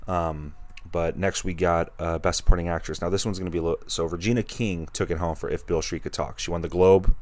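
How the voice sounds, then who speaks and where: A man's voice: low-pitched, fairly even intonation, fast, a little mellow, no room sound. A man hosting a podcast, chatting casually and rambling with many restarts as an enthusiastic film fan. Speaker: podcast host. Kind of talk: casual chat.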